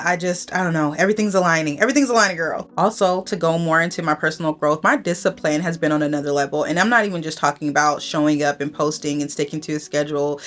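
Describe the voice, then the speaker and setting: A woman's voice: deep voice, a bit bright. A young woman content creator giving a casual, heartfelt vlog update, chatty and reflective with lots of ums and asides to herself. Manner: chatty, heartfelt, many ums and self-talk.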